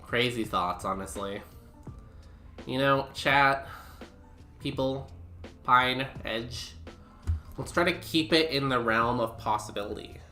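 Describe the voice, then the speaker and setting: Young male streamer, rambling casual commentary, bright tone, roomy sound with music under it. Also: medium pitch, slow, pauses often. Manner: rambling, filler-heavy chat with viewers.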